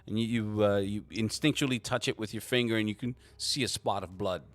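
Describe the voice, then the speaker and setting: A man narrating a tabletop game as game master, halting with frequent restarts. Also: lowish voice. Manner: halting, lots of restarts and fillers.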